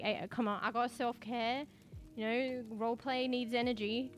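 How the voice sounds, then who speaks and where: A woman's voice: fairly high pitch, steady tone, normal speed, long pauses, fairly bright tone. A woman streaming live, chatting casually with viewers while eating, swearing often. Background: faint music.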